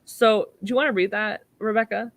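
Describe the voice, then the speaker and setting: A woman's voice: mid-range voice, steady tone, brisk. A young woman co-hosting a podcast, chatting casually through an episode recap with lots of "like" and acting out the quoted lines. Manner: chatty, filler-heavy "like", acts out quoted lines. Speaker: podcast co-host.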